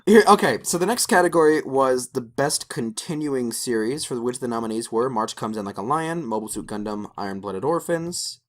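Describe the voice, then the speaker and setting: A podcast co-host with a medium-pitched voice runs through a list at a moderate pace, hardly pausing. He's animated and casual, swearing freely and cracking salty jokes.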